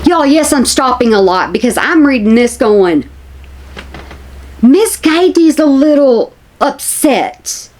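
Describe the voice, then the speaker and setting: A woman's voice: sits high, sing-song, takes it slowly, a little mellow. A woman, chatting casually to her viewers as a commentary vlogger, repeating herself for emphasis.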